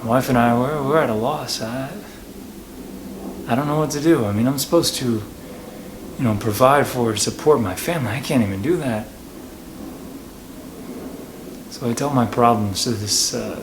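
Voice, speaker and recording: A man playing a struggling working-class henchman and father, talking in halting, stammering bursts in a mock documentary interview. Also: mid-range voice, background noise, natural voice. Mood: rueful. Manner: halting, stammering, full of restarts.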